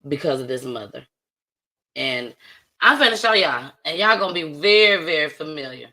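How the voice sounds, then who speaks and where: A woman hosting a casual livestream talk show, playful and slangy, often laughing and talking loudly. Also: low voice, animated, normal speed, poor audio. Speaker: host.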